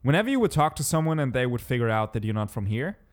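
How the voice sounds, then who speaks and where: A man's voice: mid-range voice, quick pace. A young German man chatting casually, telling stories with a lot of swearing and acting out the people he quotes. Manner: animated storyteller, swears, acts out quotes. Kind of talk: casual chat.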